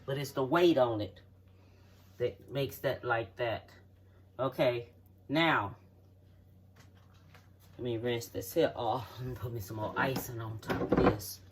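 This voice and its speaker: Slow-talking home cook, distant mic. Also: mid-range voice, noisy background. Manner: folksy, chatty step-by-step instructions with frequent "okay?" check-ins. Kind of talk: cooking demonstration. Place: home kitchen.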